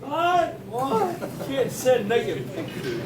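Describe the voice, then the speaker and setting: High, lively male voice in the crowd. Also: slow pace. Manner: incredulous reactions. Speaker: audience member. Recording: echoey room, voice from a distance, loud crowd.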